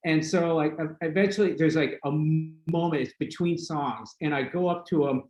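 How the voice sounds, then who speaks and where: A man hosting a podcast, telling a long story in a casual, animated way with lots of fillers and laughter. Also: on the high side, normal speed. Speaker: podcast host. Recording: roomy echo with faint noise.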